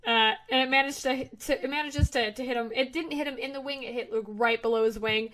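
A young woman narrates a tabletop game as its game master, her voice sitting a little high. She talks in halting bursts, full of fillers and restarts. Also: steady tone, fairly bright tone, a little hiss or hum. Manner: hesitant, lots of fillers and restarts.

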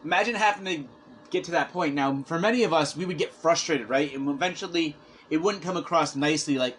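A man's voice: fairly high pitch, fairly quick, fairly bright tone, slight background noise. A man preaching a conversational sermon, earnestly retelling a scripture story with quoted asides.

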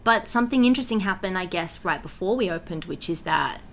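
A young woman, a musical theatre writer and performer, talking in an animated, heartfelt way in a casual interview, full of filler words. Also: lowish voice, fast, slight background noise.

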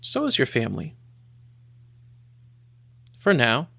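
A man voicing a menacing hooded male villain who drawls slow, half-whispered threats in a gravelly voice. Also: mid-range voice, huge pitch swings, a bit bright, full character voice.

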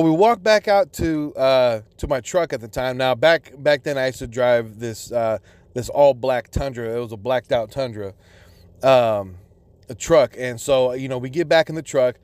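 A man's voice: a little high, clean tone, no echo. A man telling a personal story in a casual, profane, rambling way, full of restarts.

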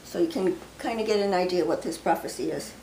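A woman hosting her ministry channel, slowly reading scripture and prophecy aloud, with chatty, hesitant asides in between. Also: on the low side, background noise. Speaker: ministry host sharing prophecy. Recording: roomy echo.

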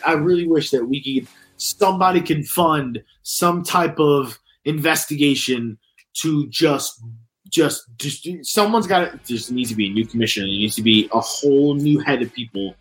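A man's voice: on the high side, fairly bright tone, low-quality recording. A young man co-hosting a sports podcast, ranting heatedly with lots of cursing and stumbling restarts. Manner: heated, profane, rambling with restarts. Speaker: podcast co-host. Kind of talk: casual sports rant.

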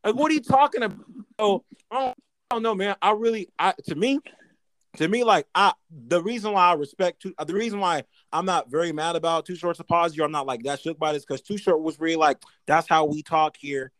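A man co-hosting a podcast in casual chat, riffing through hypotheticals in an animated, profane way. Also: a little high, quick pace, no room sound, poor audio. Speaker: podcast co-host.

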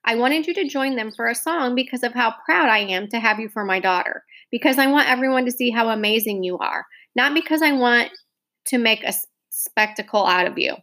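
A woman's voice: a little high, brisk, bright, forceful tone. A woman reading a mother's lines in a storybook, firm and coaxing with her daughter. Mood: hurt. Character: mother, middle-aged woman, lively and stern.

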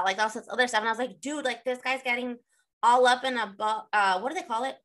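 A woman's voice: on the high side, fairly even intonation, quick pace, a bit bright, poor audio. A young woman co-hosting a podcast in casual chat, blunt and profane, full of fillers. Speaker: podcast co-host.

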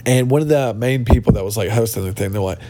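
Talking fast in a lowish, mellow voice, a podcast host delivers a casual monologue full of blunt ranting and mockery. He's in a cabin with others around and isn't on his usual podcast microphone.

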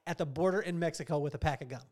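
A man hosting a podcast interview, playful and probing with rapid follow-up questions. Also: on the high side. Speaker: podcast host. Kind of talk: casual interview.

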